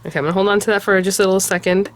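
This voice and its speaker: A woman hosting a card-making tutorial, talking casually and often cooing softly over how cute the pieces are. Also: medium pitch, steady tone, racing. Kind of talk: casual crafting tutorial talk.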